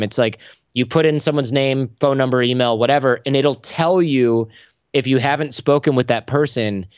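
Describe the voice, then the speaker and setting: A man being interviewed on a podcast, an animated storyteller who acts out the voices in his anecdotes. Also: mid-range voice, smooth, dry recording, lo-fi sound. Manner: animated storyteller acting out dialogue. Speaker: podcast guest. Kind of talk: conversational interview.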